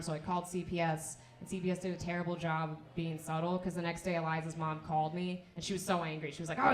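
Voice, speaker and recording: A young woman doing a stand-up comedy set who keeps laughing at her own jokes and restarting her sentences. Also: fairly low pitch. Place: comedy club stage. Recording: echoey comedy club.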